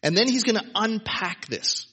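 A pastor speaks at normal speed in a high, pushed, bright voice that's slightly rough, with lively intonation. Before his congregation at church, his sermon stays casual and emphatic, conversational, full of "right?" asides.

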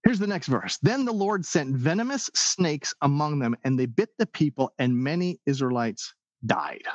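A man preaching a sermon in an animated way, acting out the people's and God's words as he goes. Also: on the high side, moderate pace, no echo. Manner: animated preaching, acts out quoted voices. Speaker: pastor.

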